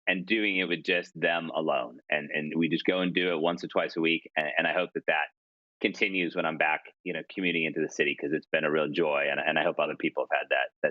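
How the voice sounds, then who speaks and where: A man's voice: low-pitched, no echo, highs cut off. A man in his forties, a columnist telling stories as a podcast guest, chatty and self-deprecating with frequent restarts. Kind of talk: casual storytelling interview.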